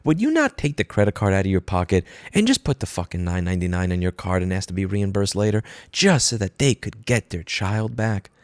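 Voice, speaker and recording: A man's voice: low voice, sing-song, brisk, few pauses, no room sound. A man hosting a commentary video, ranting angrily with profane, sarcastic outbursts, close to a studio mic. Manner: mocking, switching into put-on corporate voices. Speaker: commentary host. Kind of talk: angry commentary rant. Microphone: studio microphone.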